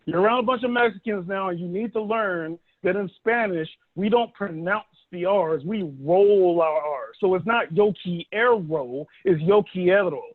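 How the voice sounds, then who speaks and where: High-voiced man telling stand-up jokes over a phone. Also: normal speed, hardly any pauses. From Dallas, Texas. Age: 30s. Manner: conversational, animated storytelling with acted-out quotes. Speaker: stand-up comedian. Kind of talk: stand-up comedy set. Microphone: phone held by his son. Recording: thin phone-like audio.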